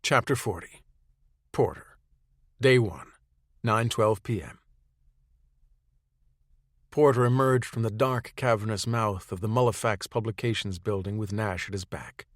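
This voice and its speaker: A man reading a third-person audiobook chapter in a steady, matter-of-fact way. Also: on the low side, a little slow, pauses often, no room sound, studio quality. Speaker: audiobook narrator.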